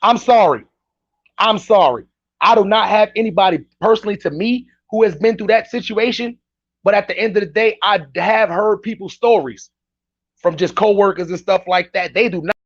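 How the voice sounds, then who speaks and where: A man's voice: high voice, moderate pace, no echo. A man giving casual, slangy reaction commentary, ranting emphatically as a vlog host. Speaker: commentary vlogger. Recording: dull dry lo-fi recording.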